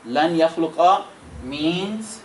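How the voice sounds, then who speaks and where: A man teaching a grammar class, repeating each point, checking in with students and reciting verses quickly. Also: on the high side, expressive, crowd noise, rough recording. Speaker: Arabic teacher.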